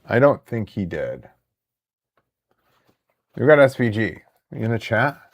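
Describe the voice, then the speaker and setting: A man in his thirties hosting a live card break stream, chatting excitedly with viewers in the chat. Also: on the low side, slow.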